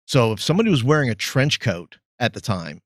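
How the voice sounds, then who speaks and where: A man who is a youth pastor, a guest on a podcast, reflecting thoughtfully and pausing to search for his words. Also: mid-range voice, sing-song, dry recording, studio quality. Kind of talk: reflective interview talk.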